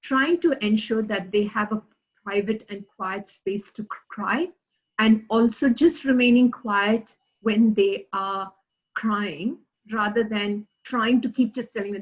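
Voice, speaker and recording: Woman, workshop presenter, earnest, acts out example phrases, mid-pitched voice, slightly muffled lo-fi sound. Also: measured pace. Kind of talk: workplace skills presentation.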